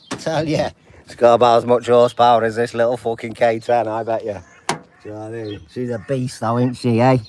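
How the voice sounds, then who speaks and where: A man's voice: mid-range voice, a little mellow, a little hiss or hum. An older man, chatting casually on a live stream, rambling and swearing constantly and checking in with the listeners every few lines. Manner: rambling, heavy swearing, constant "do you know what I mean".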